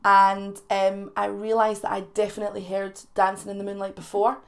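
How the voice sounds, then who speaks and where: A young Scottish woman chatting straight to her viewers in a playful, teasing way. She laughs easily and breaks into quick asides. Her voice sits in a middle pitch. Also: completely flat delivery, vocal fry. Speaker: YouTube reaction host. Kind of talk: chatty vlog to camera.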